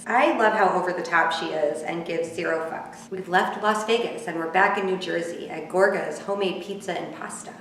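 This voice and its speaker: A woman's voice: lowish voice, normal speed, few pauses, a bit bright, slight background noise. A woman giving a chatty, snarky, gossipy recap of a reality TV episode as she watches it. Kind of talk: casual live recap commentary. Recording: echoey room, distant from mic.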